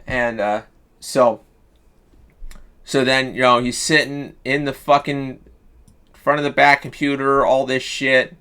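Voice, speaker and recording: A man streaming live, pitching a story in loose casual chat, swearing freely and restarting sentences. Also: level tone, slow pace, long pauses, pushed and bright, clear, resonant tone. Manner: profane, loose, full of fillers and restarts.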